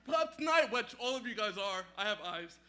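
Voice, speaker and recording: A man finishing a live storytelling set, signing off with loud shouts. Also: high-pitched, sing-song, normal speed. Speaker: performer.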